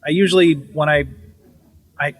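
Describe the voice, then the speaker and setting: A man telling ghost stories on a podcast in an animated, profane, casual way. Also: a little high, moderate pace, no echo, rough recording. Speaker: podcast guest. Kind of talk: casual storytelling.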